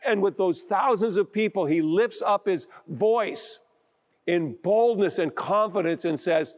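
A man's voice: high voice, a little slow, darkish tone. A man preaching as a pastor, retelling a story and acting out the quoted lines. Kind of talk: sermon.

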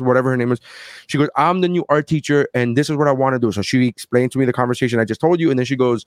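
A man's voice: medium pitch, rapid-fire, dry recording, clean studio sound. A man telling a personal story in casual chat and acting out the people he quotes. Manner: animated, acts out quoted people.

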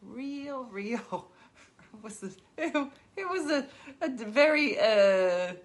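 A middle-aged woman chatting casually, telling lively stories and acting out the voices of the people in them. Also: on the high side, slow pace. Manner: animated storyteller who acts out quoted voices. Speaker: storyteller. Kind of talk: casual chat.

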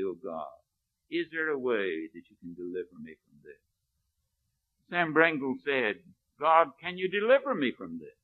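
A man preaching a sermon, telling a story and often dropping to a hushed, low delivery. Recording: narrow, phone-like lo-fi recording.

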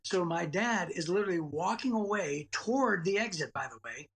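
A man's voice: high-pitched, lively intonation, normal speed, a bit bright, husky. A man in his late forties telling a personal childhood story as a guest, rambling and repeating words as he goes. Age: 40s. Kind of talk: personal storytelling in a podcast interview.

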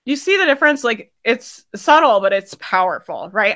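A woman's voice: medium pitch, moderate pace, few pauses, pushed and bright. A young adult woman coaching business owners live, talking in a chatty way with lots of "like" and "right?" and frequent laughter. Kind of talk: live coaching talk to an online audience.

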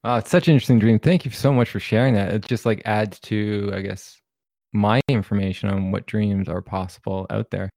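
Gravelly-voiced male podcast host. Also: fairly low pitch, steady tone, brisk, dry recording, clean studio sound. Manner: encouraging, thanks guests warmly. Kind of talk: casual interview chat.

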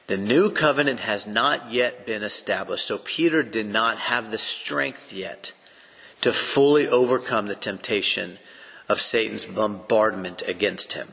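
A man's voice: fairly low pitch, a little slow, vocal fry, sharp tone. East Texas male Bible teacher, earnest and emphatic, in a reverberant space. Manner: earnest, emphatic, explains step by step. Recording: long echoing reverb.

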